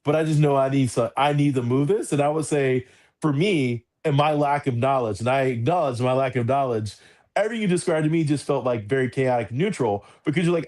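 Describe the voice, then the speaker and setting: A man's voice: mid-range voice, fairly quick, darkish tone. A man co-hosting a casual podcast chat, talking in a rambling way full of filler words. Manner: rambling, heavy use of fillers like "like" and "you know". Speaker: podcast co-host.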